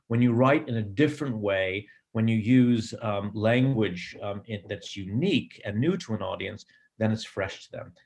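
A middle-aged man, a screenwriter, giving reflective interview answers in a thoughtful, digressive way with many pauses and ums. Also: lowish voice, a little mellow. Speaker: screenwriter and director.

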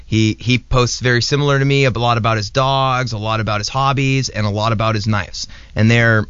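A man, a knife maker and a guest on the show, explains things in a steady, step-by-step way with a mid-range voice. The sound is dry with no room echo, and slightly dull and lo-fi. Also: medium pitch, fairly quick, clear, resonant tone. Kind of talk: casual explanation.

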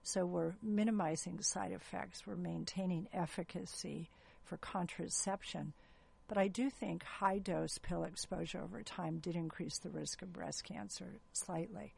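Gravelly, husky woman gynecologist. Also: lowish voice, steady tone, unhurried, a little mellow. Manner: explanatory, earnest. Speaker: gynecologist guest. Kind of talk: interview.

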